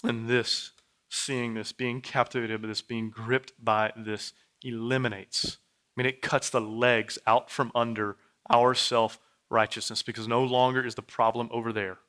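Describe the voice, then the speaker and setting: Bright, clear-voiced preacher man. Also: mid-range voice, level tone, measured pace. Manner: repetitive, building phrases, swings from hushed to loud. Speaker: pastor. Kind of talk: sermon. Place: church sanctuary.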